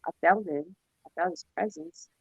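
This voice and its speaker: A woman in a casual spiritual chat, talking in a halting way and repeating words. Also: lowish voice, big pitch swings, vocal fry, breathy edge, dull audio.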